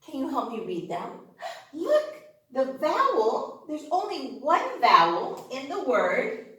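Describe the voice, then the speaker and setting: A woman teaching a young children's phonics class in a slow, exaggerated sing-song manner, with excited gasps. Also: high-pitched. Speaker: kindergarten teacher. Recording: echoey room.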